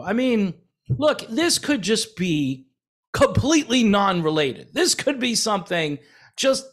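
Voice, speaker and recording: Sarcastic rambling American man, fairly high voice. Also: fairly bright tone. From United States. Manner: sarcastic, rambling with many fillers. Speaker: channel host. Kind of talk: casual commentary vlog.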